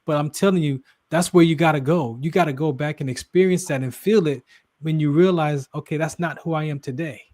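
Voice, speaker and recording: A man's voice: on the high side, brisk, darkish tone. A man hosting a casual interview, talking earnestly and encouragingly, often in a preacher-like way. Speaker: host.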